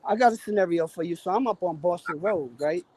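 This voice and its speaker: A man's voice: high-pitched, quick pace. Profane New man telling a story. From New York. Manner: profane, animated storyteller who acts out quotes. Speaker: guest on a live stream. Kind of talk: casual storytelling chat. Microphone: remote stream call.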